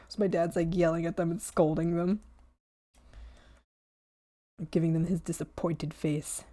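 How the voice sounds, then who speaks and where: A young woman streaming from home, chatting casually with lots of ums, giggles and sudden excited squeals. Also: fairly quick, few pauses, dry recording, clean studio sound. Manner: bursts into high squeals and shouts when excited. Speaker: art streamer. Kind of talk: casual chat while reading chat. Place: home room. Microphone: desk mic at a streaming setup.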